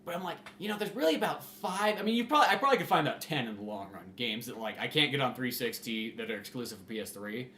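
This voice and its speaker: A man's voice: medium pitch, lively intonation, fast, hardly any pauses, pushed and bright, a little hiss or hum. A man co-hosting a podcast in casual chat, rambling and full of "like" and "you know". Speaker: podcast co-host. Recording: roomy echo.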